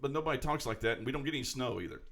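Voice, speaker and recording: A man, co-hosting a casual chat show, rambling and animated with lots of restarts. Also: medium pitch, very fast, creaky. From Tennessee. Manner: rambling, animated, puts on voices. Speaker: podcast co-host.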